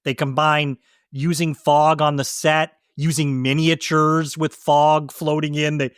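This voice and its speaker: A man's voice: fairly high pitch, little pitch movement, a bit bright, clear, resonant tone, dry recording, studio quality. A man co-hosting a podcast, giving casual, enthusiastic movie commentary and often restarting his sentences. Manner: enthusiastic, talks in rushed restarts. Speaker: podcast co-host.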